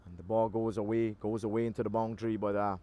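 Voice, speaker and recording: Guy doing laid-back cricket commentary outside, warm low-key voice, lots of uhs and pauses. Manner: relaxed, loose delivery with frequent pauses and filler. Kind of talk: live amateur cricket commentary. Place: outdoors at a local cricket ground. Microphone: handheld mic through a loudspeaker.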